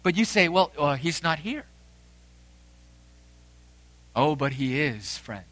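A man in his thirties preaching a sermon as pastor, emphatic with dramatic pauses and rising swells. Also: fairly high pitch, sing-song, a bit bright, dry recording.

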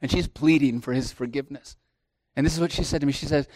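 A middle-aged man preaching a sermon as pastor, swelling into emphatic lines and then dropping to hushed asides. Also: on the high side, fast talker, no echo, clean studio sound.

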